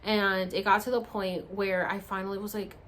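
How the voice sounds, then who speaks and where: A woman vlogger telling a story to camera in a casual, animated way, swearing freely and acting out her own reactions. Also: medium pitch, moderate pace, slight background noise.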